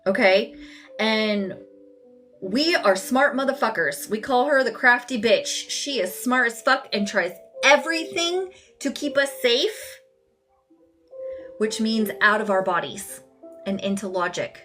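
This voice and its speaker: A woman's voice: fairly high pitch, lively intonation, measured pace, a bit bright, faint music behind. A woman coaching viewers on a live stream, talking casually and bluntly, swearing freely and speaking straight to her audience. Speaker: somatic coach hosting a live session.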